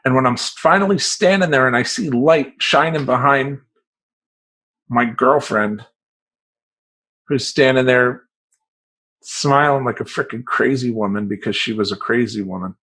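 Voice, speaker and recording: A man who works as a life coach, telling a personal story in a profane, rambling, animated way. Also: medium pitch, unhurried, long pauses, husky, poor audio.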